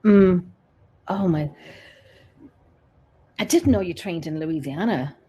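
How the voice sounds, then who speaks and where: A woman's voice: lowish voice, animated, slow pace, mellow, a little hiss or hum, rough recording. A woman hosting a live paranormal talk show, chatty and teasing, laughing often. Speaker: host.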